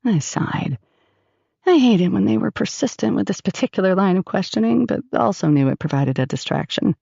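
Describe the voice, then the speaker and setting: A woman narrates an audiobook with lively, animated pitch. Her voice carries some gravel, and the recording is dull and dry, close to the mic. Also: moderate pace, no room sound.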